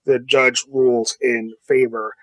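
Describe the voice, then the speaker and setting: A man co-hosting a podcast from his basement at home, laid-back and deadpan. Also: medium pitch, a little slow, dry recording, rough recording. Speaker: podcast co-host. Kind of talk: casual podcast chat.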